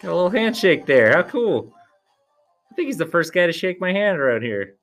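Chatty, lively live-event commentator. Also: fairly quick, faint music behind. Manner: chatty, laughs often, lively swings in pitch. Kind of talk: casual play-by-play commentary. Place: at a live arm-wrestling event.

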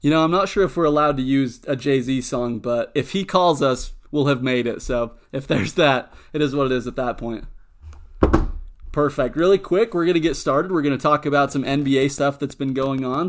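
A young man hosting a casual sports podcast, joking and firing quick questions at his co-host. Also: mid-range voice.

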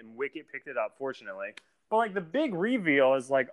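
A man's voice: mid-range voice, expressive, quick pace, a bit bright, no echo. A man co-hosting a podcast, chatting casually and acting out scenes in mock voices. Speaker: podcast co-host. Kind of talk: casual chat.

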